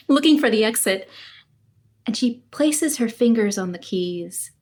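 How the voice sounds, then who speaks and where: A woman's voice: on the high side, expressive, slow pace, a little mellow. A woman as a podcast guest, telling a personal story in a vivid, heartfelt way, with laughs between phrases.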